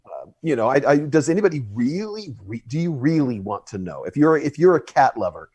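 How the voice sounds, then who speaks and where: Wry man with a lively, hesitant delivery. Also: mid-range voice, fairly quick, slightly rough. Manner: hesitant, dry wry humor. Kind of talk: casual panel chat.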